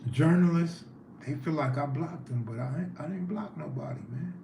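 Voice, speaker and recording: A man's voice: on the high side, moderate pace, gravelly, dark tone. A man hosting a casual livestream, talking loosely and reacting to viewers' comments. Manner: loose and conversational, reacting to chat. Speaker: livestream host. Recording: echoey room with faint background noise.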